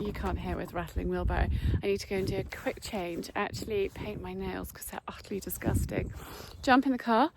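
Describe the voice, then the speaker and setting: A woman chatting warmly in a casual vlog, emotional at times. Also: mid-range voice, animated, heavy background noise. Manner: chatty and emotional, fast asides. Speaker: vlogger. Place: stable yard and home, indoors and out.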